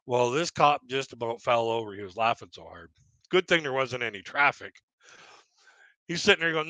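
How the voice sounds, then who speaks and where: This stand-up comedian, a middle-aged man, rambles through casual stories for a live audio panel, laughing at his own material. He talks a little fast and with animation, in a bright, pushed mid-range voice with no echo.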